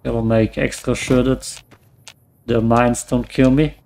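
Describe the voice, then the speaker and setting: A man casually commenting on his own gameplay, muttering to himself and swearing often, his voice getting hoarse. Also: mid-range voice, steady tone, a little slow, a little mellow. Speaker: let's play gamer.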